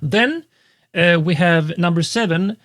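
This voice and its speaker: A man who is a music composer and educator, casually demonstrating software step by step in a tutorial, with frequent fillers. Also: high-pitched, takes it slowly. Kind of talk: screen-recorded software tutorial.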